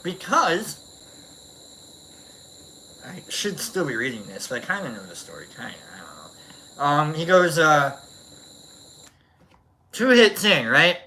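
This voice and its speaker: A man's voice: fairly high pitch, big pitch swings, slow pace, pauses often, bright, forceful tone, a little hiss or hum. A man hosting a livestream who tells a rambling, casual story, swearing freely and restarting his sentences often. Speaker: livestream host.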